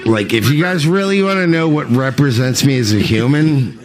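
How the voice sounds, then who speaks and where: A man's voice: medium pitch, lively intonation, moderate pace, faint music behind. A drunk man in his forties on a live stream, chatting casually in a crude, rambling, defensive way. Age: 40s.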